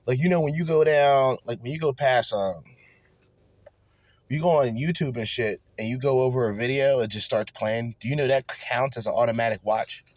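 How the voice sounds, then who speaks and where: A man rants through casual reaction commentary, crude and mocking, with profanity in every other line. His voice sits at a middle pitch. The sound is dry and close, with no room around it. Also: moderate pace, dry recording. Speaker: commentary podcast host.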